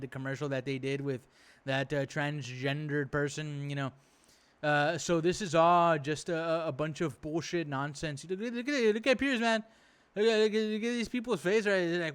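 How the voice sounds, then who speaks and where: A man with a somewhat high, fairly bright and clean voice speaks at a moderate pace. He's a reaction video host rambling through profane commentary, indignant and exasperated, swearing freely and packing in lots of fillers.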